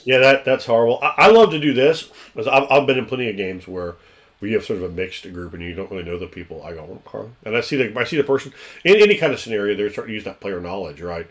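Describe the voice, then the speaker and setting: A man's voice: on the low side, fast. A man who runs tabletop games, chatting casually and telling stories animatedly, acting out scenes and swearing freely. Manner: animated storyteller who acts out scenes, profane. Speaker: tabletop game master. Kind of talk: casual chat.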